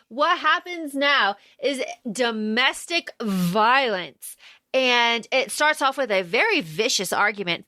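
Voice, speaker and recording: Woman co-host, very high and bright voice, lively recap acting out lines. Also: slow, no echo, clean studio sound. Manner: animated retelling, acting out lines, swearing freely. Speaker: podcast co-host. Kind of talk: casual movie recap chat.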